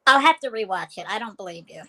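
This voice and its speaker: A woman's voice: medium pitch, expressive, fast talker, bright, forceful tone. A woman co-hosting a podcast in casual chat, playful and a little defensive. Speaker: podcast co-host.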